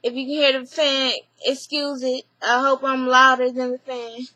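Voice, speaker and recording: High bright-voiced woman recapping TV. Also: moderate pace, dry recording. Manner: animated, profane, retells scenes in quoted voices. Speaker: reality TV recap vlogger. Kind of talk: casual spoken recap. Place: small home room with a fan running.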